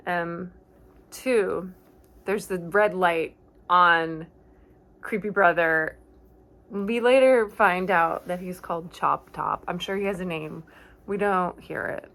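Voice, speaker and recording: A woman with a somewhat low voice retells a horror film from memory in a loose, conversational way. She wanders off on tangents, catches her own slips and corrects herself mid-sentence, talking like she's chatting with a friend. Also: a bit bright. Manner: rambling, self-correcting, chatty asides. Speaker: horror movie vlogger. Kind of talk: casual movie recap from memory.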